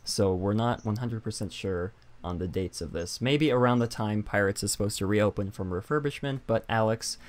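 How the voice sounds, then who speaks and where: A man's voice: on the low side, moderate pace, hardly any pauses. A man hosting a casual podcast, chatting loosely and poking fun at himself as he reads out quotes. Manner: chatty, self-deprecating, reads quotes aloud. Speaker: podcast host.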